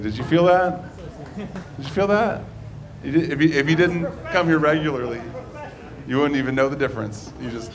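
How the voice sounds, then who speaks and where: A man's voice: fairly high pitch, a bit bright. A man hosting a comedy show, introducing comics and hyping the audience in an upbeat way. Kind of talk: live emcee introductions. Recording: live show with crowd audible.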